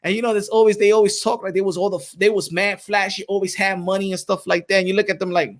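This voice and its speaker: Brief: a man putting on a loud, boastful older Puerto Rican party guy, high-pitched, mixing Spanish in. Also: level tone, fast. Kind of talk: comedic character bit.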